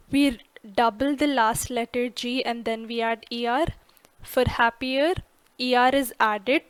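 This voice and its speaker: A woman narrating an English grammar lesson, slow and careful, stressing each example word clearly. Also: a little high, fairly bright tone, no echo.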